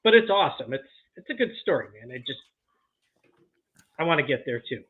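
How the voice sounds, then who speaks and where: Male co-host, lively swinging pitch, husky, chatty, phone-like tinny mic with static. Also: brisk. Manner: chatty, laughs often, reads the chat aloud. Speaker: co-host of a live movie watch-along. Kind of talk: casual chat.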